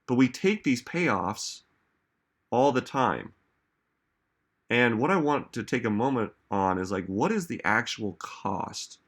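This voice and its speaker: Taking it slowly, a self-help speaker with a medium-pitched, animated voice, fairly bright and slightly rough, delivers a casual motivational talk to an audience. His chatty style is full of "like" and "right?", and he punctuates his points with questions.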